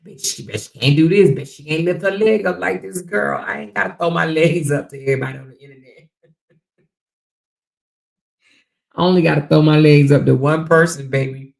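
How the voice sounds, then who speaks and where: A woman hosts a casual commentary livestream, her voice low and full of vocal fry. She talks straight to her chat viewers, blunt and scornful, swearing often. The delivery is mocking throughout. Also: moderate pace, a little mellow.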